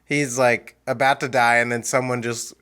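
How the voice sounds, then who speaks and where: A man co-hosting a movie podcast, animated and laughing as he mockingly retells a horror film. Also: mid-range voice, normal speed, clean tone. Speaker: podcast co-host. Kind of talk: casual movie review chat.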